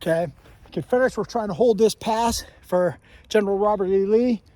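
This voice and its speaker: A man's voice: high-pitched, moderate pace, dark tone, no room sound. A man hiking outdoors on a mountain trail, talking casually about history to a handheld camera, rambling and often correcting himself. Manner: rambling, self-correcting storyteller. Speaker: hiking vlogger. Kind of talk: casual walking history talk.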